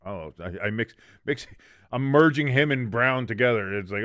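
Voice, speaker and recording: A man's voice: on the low side, animated, a little fast, a bit bright, no room sound. Man calling plays with dry jokes. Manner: jokey, self-correcting, reads chat aloud. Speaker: watch-along host. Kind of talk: live play-by-play commentary.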